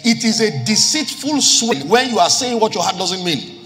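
A man's voice: sits high, big pitch swings, normal speed, fairly bright tone. A man preaching a sermon as pastor, quoting scripture and repeating key lines for emphasis. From Nigeria. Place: church hall with live congregation. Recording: reverberant church hall with music.

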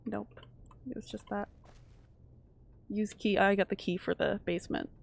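A woman's voice: medium pitch, level tone, normal speed, gravelly, slight background noise. A woman streamer chatting casually while she plays a game, jumpy and chatty, swearing when startled. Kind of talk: casual live-stream gameplay chat.

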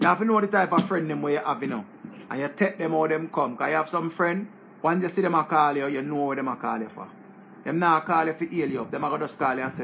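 Gravelly high-pitched Jamaican man ranting. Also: fast talker, background noise. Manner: preachy, repetitive, animated rant. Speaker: commentator. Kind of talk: casual monologue.

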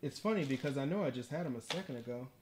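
A man's voice: medium pitch, animated, racing, noisy background. A man chatting casually on a livestream while assembling a computer, rambling and self-deprecating, sometimes drifting away from the mic. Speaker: livestreaming artist.

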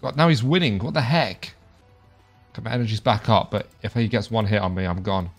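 A young man who makes gaming videos talks casually over his gameplay in a lowish, brisk voice, with soft music in the background. He's chatty and jokey, reading the game's dialogue aloud as he goes.

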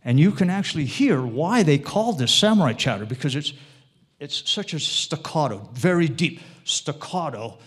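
A man's voice: a little high, lively intonation, moderate pace, husky. A man giving an informal, rambling lecture to a live audience, often checking in with tag questions and wandering off into side topics. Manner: rambling, digressive delivery with restarts.

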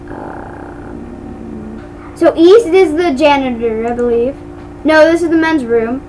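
A woman's voice: high-pitched, a little hiss or hum, poor audio. A woman giving casual commentary while playing a game, chatty and giggly, tripping over her words. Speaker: gamer.

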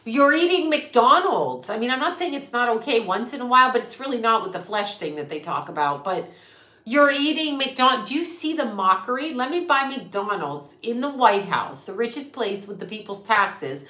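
A woman's voice: on the high side, animated, normal speed, sharp tone. Emphatic, profane woman ranting in a roomy space. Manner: profane, emphatic, rhetorical questions. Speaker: psychic medium and channel host. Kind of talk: casual livestream rant. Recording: roomy echo.

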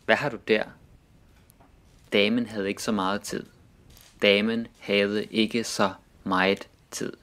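A man with a low voice reads short example sentences at a slow, careful pace. Each sentence comes twice, clearly spaced out for learners. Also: flat delivery, fairly bright tone. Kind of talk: reading Danish example sentences.

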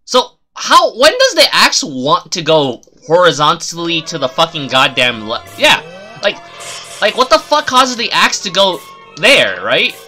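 A man streaming his gameplay live, talking nonstop in a bright, edgy voice that swings up and down. He curses freely and sounds exasperated as he comments on every jump and hit, with faint game music underneath. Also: on the high side, wildly swooping pitch, unhurried. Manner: profane, exasperated running commentary.

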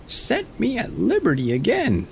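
Tiny squeaky Tom Thumb. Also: male voice, huge pitch swings, normal speed, vocal fry, slight background noise, full character voice. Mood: piping cries. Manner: shrill squeaky piping cries. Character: tiny brave male thumb-sized tailor hero.

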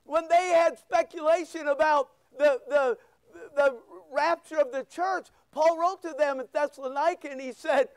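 A male pastor preaching a sermon, firing rhetorical questions and sharp asides at his congregation. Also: extremely high pitch, steady tone, normal speed, no echo. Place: church.

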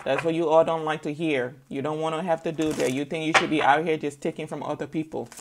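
Tarot reader, woman, lowish voice, blunt and preachy, casual delivery. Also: fairly even intonation, fast talker, background noise. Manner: blunt, preachy, peppered with "okay?". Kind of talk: casual spoken tarot reading.

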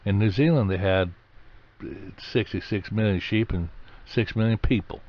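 A man with a lowish voice teaches from the Bible in a conversational sermon, speaking at a moderate pace. He is plain-spoken and repeats key phrases for emphasis. The recording is dull and lo-fi.

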